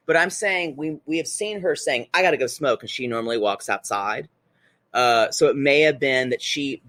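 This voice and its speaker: A man's voice: medium pitch, fairly bright tone, no echo. An American man co-hosting a podcast, recapping reality TV in casual chat, hedging and correcting himself as he goes. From United States. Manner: hedging, self-correcting, quick to laugh. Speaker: podcast co-host.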